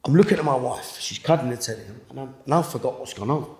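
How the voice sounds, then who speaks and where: A man with a British accent giving an emotional personal testimony in an interview, halting and repeating words, sinking to a hush at the most intense moments. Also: medium pitch, lively intonation, reverberant. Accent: British English. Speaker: interviewee telling his testimony.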